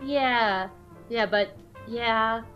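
A woman co-hosting a podcast, chatting casually, laughing often and acting out quotes in squeaky voices. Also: drawn-out words, lo-fi sound, soft background music. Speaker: podcast co-host. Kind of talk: casual chat, recapping an episode.

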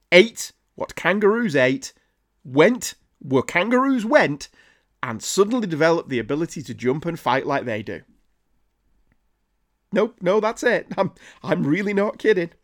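A man recapping an old comic with sarcastic, incredulous commentary. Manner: sarcastic, incredulous, jumps high in pitch when ranting. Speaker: comic book reviewer.

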